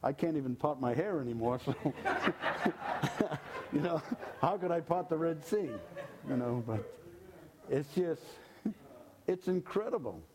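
A man's voice: fairly high pitch, animated, normal speed, pauses often, background noise. An older man giving an informal, folksy sermon, joking and repeating his phrases. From California. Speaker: lay preacher.

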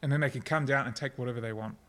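A middle-aged man preaching a sermon, earnest and personal, at times soft and reflective. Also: medium pitch, rapid-fire. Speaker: pastor.

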